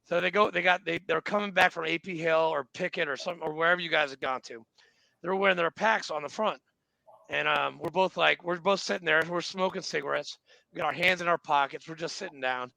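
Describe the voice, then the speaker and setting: Brief: male guest in his forties, high bright voice, laid-back profane stories. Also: fairly quick, vocal fry, no echo, rough recording. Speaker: podcast guest; Marine veteran. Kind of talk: casual war-story chat.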